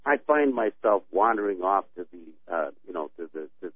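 A man's voice: sits low, animated, moderate pace, no room sound. A man calling in to a talk radio show, ranting in a folksy, fired-up way and telling homespun stories. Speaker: radio caller. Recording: tinny phone line.

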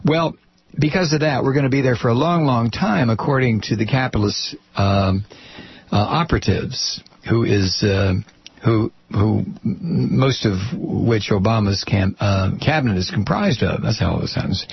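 Male talk host, gravelly and very husky; blunt, sarcastic rambling monologue on a dull lo-fi recording. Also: fairly low pitch, moderate pace. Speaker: host of his own program. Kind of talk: political commentary monologue.

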